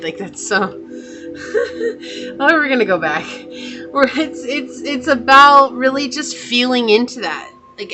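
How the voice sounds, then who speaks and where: A woman talks through a tarot reading in a loose, chatty way, full of fillers and restarts. Her voice sits at a middle pitch, and she sounds reassuring. Music plays clearly beneath her. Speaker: tarot reader. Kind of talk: casual spoken tarot reading. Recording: music playing behind the voice.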